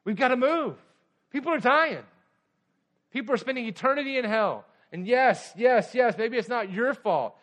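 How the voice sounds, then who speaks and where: A man's voice: very high voice, animated, moderate pace, fairly bright tone. A man preaching a sermon as pastor, pressing his points with urgent emphasis and slipping into conversational storytelling.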